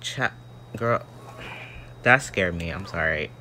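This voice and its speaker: Young man, gaming commentary, dramatic, jumpy, lively pitch. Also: takes it slowly, slight background noise. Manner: dramatic, easily startled, shrieks and laughs. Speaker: gaming YouTuber. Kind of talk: mobile game commentary.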